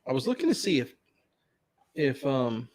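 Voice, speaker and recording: A man's voice: medium pitch, sing-song, normal speed, darkish tone. A man with a Southern US accent hosting trivia in casual live-stream chat, chuckling as he reads out questions. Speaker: trivia host.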